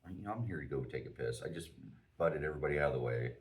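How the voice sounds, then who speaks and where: A man's voice: a bass voice, lively intonation, very fast, recorded from a distance, slight background noise. A man in his forties, a podcast host, telling a profane, self-mocking story in casual chat.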